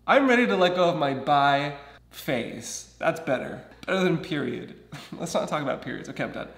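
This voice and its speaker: A man's voice: fairly high pitch, very animated, normal speed, a bit bright, roomy sound. A man in his thirties from Southern California, talking candidly in a casual personal vlog and acting out what other people said to him. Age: 30s. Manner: chatty, candid, acts out other people's lines. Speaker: vlogger.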